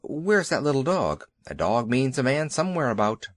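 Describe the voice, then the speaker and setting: A man voicing a proud male cavalry horse with a measured, dismissive manner. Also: mid-range voice, sing-song, no echo, natural voice. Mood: curt. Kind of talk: audiobook character voice.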